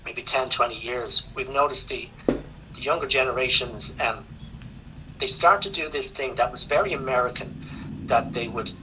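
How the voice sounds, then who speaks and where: A man, a guest speaker on English teaching, answering questions in an online seminar, relaxed and repeating words as he thinks. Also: medium pitch, normal speed, background noise. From Ireland.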